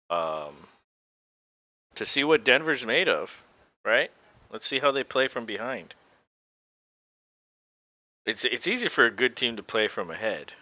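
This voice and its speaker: A man's voice: lowish voice, bright, forceful tone, no room sound. Man calling a game casually, lo-fi mic. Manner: casual, swearing, rambling with fillers. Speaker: podcast co-host. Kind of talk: casual live play-by-play commentary.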